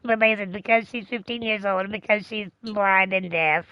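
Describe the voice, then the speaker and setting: A woman streamer chatting casually, telling a rambling, profane, animated story. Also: mid-range voice, moderate pace, dry recording, dull audio. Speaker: game streamer. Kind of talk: casual chat.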